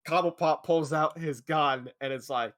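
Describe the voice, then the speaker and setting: A young man co-hosting a casual film review, retelling scenes in an excited, rambling way with lots of swearing. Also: fairly high pitch, moderate pace. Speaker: podcast co-host. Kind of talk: casual movie review chat.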